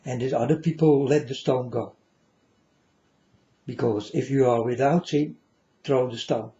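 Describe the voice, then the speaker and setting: A man's voice: mid-range voice, a little slow, warm tone, lo-fi sound. A man giving a rambling, preachy spiritual monologue to viewers, repeating himself and calling them folks, in non-standard English. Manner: preachy, repetitive, calls audience folks. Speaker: vlogger addressing viewers.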